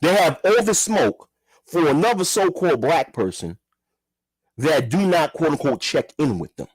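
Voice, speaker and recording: A man's voice: on the high side, very animated, normal speed, slightly rough, dry recording. A man giving a heated, profane commentary rant, repeating himself and firing rhetorical questions. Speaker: commentary vlogger. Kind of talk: ranting commentary.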